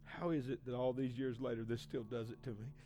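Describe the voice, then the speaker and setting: A man in his forties, a pastor, giving an emotional personal testimony in a sermon, swinging from hushed to loud. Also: medium pitch, flat delivery, brisk, soft background music. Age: 40s.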